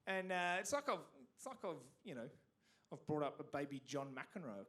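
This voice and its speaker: A man's voice: a little high, big pitch swings, moderate pace, fairly bright tone. A man with an Australian accent from Canberra doing a stand-up comedy set on a theatre stage, self-deprecating and stumbling over restarts.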